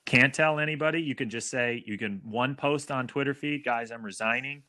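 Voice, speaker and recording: A man's voice: medium pitch, moderate pace, pushed and bright. A man talking as a guest on a casual chat podcast, telling a story hesitantly and with many fillers.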